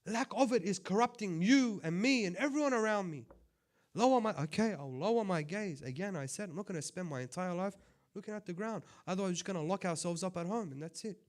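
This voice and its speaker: A man who is a sheikh giving a conversational sermon, swinging between loud impassioned appeals and quiet asides. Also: high voice, expressive, fast. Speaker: sheikh giving a religious talk.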